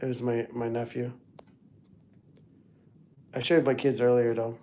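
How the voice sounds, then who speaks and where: Middle-aged man, livestream host, mellow tone, rambling casual chat. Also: medium pitch, little pitch movement, unhurried. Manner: rambling, talks to chat viewers by name.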